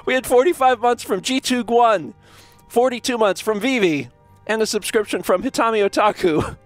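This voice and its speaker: A man streaming a game live, with excitable, rambling commentary and frequent yelps and laughs. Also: very high voice, moderate pace, dry recording, soft background music.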